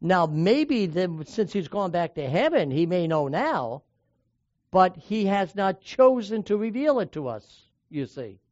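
Brief: male preacher, high voice, emphatic, dry dull lo-fi sound. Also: a little mellow, dry recording. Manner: emphatic, asks the listeners questions, pauses between short phrases. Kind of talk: sermon with scripture reading.

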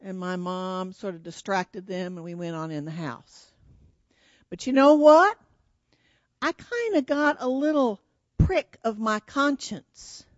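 A woman leading a church children's sermon, telling an animated story and asking the children questions. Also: medium pitch, slow pace, dry recording, muffled recording.

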